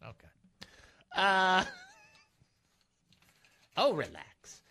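Male radio host, bright timbre, bouncy playful studio banter. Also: sits high, extremely slow. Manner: jokey, laughs often, animated. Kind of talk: casual Christian radio talk.

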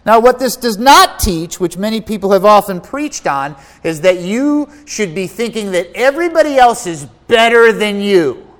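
A man preaching a sermon as pastor, emphatic and animated, slipping into whiny voices to mock self-centered complaints. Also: high-pitched, moderate pace, hardly any pauses, in a large hall. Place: church.

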